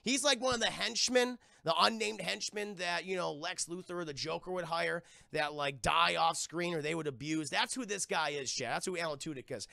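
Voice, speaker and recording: A man's voice: a little high, normal speed, gravelly, hardly any pauses, sharp tone, no echo, clean studio sound. A young man reviewing a TV episode on a live stream, rambling and swearing a lot and constantly talking to his chat. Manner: profane, rambling, keeps addressing chat.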